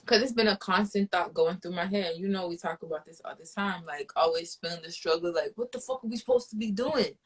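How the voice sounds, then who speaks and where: A woman's voice: fairly low pitch, big pitch swings, brisk, few pauses, slightly rough. A woman host in casual chat, ranting in a profane, fired-up way.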